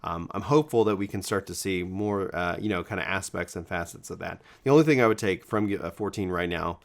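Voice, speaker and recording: Speaking to camera in a low-pitched, brisk voice that cracks occasionally, a man who makes gaming videos chats casually with viewers, enthusiastically rambling and self-correcting.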